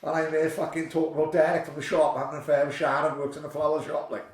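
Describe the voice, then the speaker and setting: Sweary man, higher voice, roomy. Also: flat delivery, rapid-fire. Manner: sweary, rambling comic storytelling. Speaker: podcast co-host. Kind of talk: casual chat. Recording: roomy, off-mic sound.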